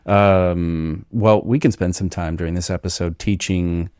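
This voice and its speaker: A man hosting a podcast, talking in a relaxed, rambling way with many fillers. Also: deep voice, unhurried, clear, resonant tone, no room sound, studio quality. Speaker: podcast host. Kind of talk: casual chat.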